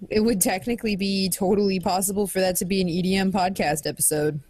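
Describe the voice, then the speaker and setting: A woman's voice: mid-range voice, steady tone, fast, darkish tone, dry recording. A woman co-hosting a casual gaming podcast, playful and giggly. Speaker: podcast co-host. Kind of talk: casual chat.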